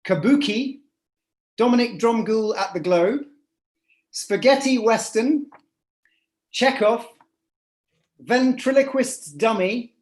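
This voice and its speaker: A woman's voice: medium pitch, roomy sound. A woman hosting a live online improv show over a video call, chatty and hesitant, full of fillers and restarts. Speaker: host.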